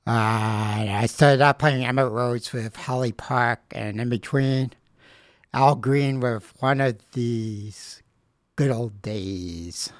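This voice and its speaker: A middle-aged man hosting a radio show, introducing records in a rambling, halting way with lots of fillers and self-corrections. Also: mid-range voice, no room sound, clean studio sound. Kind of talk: casual radio show links.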